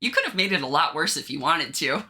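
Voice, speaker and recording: A woman co-hosting a casual podcast, reading online posts aloud and chatting with an animated, giggly manner. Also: low-pitched, quick pace. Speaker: podcast co-host reading stories.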